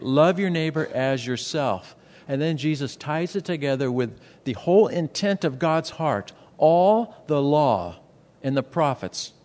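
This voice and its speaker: A man's voice: mid-range voice, a little mellow, in a large hall. A man preaching a sermon as a pastor, earnest and emphatic, asking rhetorical questions and repeating words for stress.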